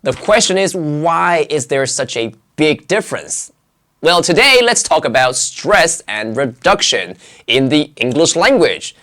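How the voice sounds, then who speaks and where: A pronunciation teacher narrating a scripted lesson in a lively, swooping voice. The delivery is clear and emphatic, with strong rises and falls at a mid pitch. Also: measured pace.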